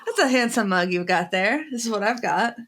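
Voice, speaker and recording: A woman's voice: medium pitch, brisk, background noise. A woman co-hosting a podcast, chatting casually and telling a story with lots of laughter. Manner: laughing often, excited storytelling. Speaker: podcast co-host. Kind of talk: casual chat.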